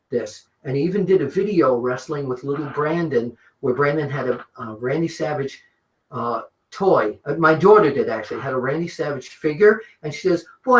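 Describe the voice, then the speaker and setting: An older man tells a long story with lively energy, his voice sitting fairly high for a man. He curses freely as he goes. The room around him is echoey. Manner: animated storyteller, swears freely. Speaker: interview guest, wrestling journalist. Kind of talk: shoot interview storytelling. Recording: roomy echo.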